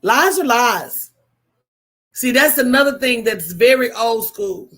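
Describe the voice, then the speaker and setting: Slow-talking woman preaching to viewers. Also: fairly high pitch. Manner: animated, preachy storytelling with call-and-response asides. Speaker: host. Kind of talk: casual livestream talk.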